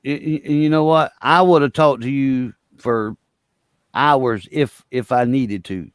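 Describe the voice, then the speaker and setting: A man's voice: mid-range voice, measured pace, clear, resonant tone, no room sound. Rambling Southern man on a live panel. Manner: rambling, warm-hearted, full of fillers. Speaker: panel guest. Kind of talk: casual chat.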